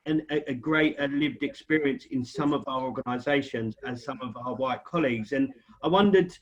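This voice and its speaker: Man hosting a panel, mid-pitched voice, easy and conversational, dull call audio. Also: moderate pace. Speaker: panel host. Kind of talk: panel discussion on video call.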